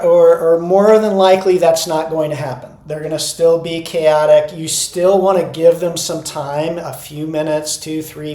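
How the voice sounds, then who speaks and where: A man who coaches teachers, explaining classroom steps in a calm, unhurried way and repeating key words. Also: a little high. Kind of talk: instructional talk to teachers. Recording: echoey room.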